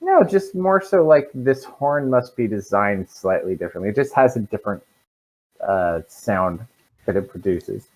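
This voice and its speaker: A man running a tabletop game as dungeon master, relaxed and hesitant with fillers, over a voice call. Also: on the low side, moderate pace, low-quality recording.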